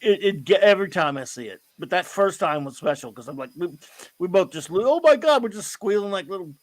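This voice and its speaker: A man's voice: high-pitched, a little fast, no echo. Eager middle-aged man telling a story. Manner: enthusiastic, rambling storytelling. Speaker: host. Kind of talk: casual chat.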